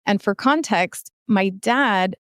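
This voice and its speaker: Smooth-voiced woman telling a personal story. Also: mid-range voice, a bit bright, no room sound, clean studio sound. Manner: halting, searching for words. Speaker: podcast guest. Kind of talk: emotional interview storytelling.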